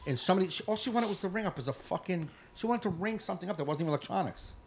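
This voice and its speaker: Loud, cursing man on a rant. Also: high voice, lively intonation, rapid-fire, gravelly, slight background noise. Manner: profane, fired-up ranting, bursts of yelling. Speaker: podcast co-host. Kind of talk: casual ranting chat. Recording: live podcast recording.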